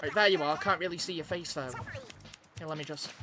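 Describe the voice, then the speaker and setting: A man's voice: a little high, fairly even intonation, brisk, pushed and bright. Chatty man commentating a game. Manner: chatty, hesitant, many "um" and "like" fillers. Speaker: gameplay commentator. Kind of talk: casual let's-play commentary. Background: game music.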